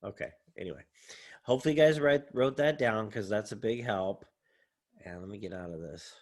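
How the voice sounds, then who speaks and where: A man's voice: fairly low pitch, fairly quick. A man, a college English professor, giving a casual, rambling recorded lecture while sharing his screen, thinking aloud with many fillers.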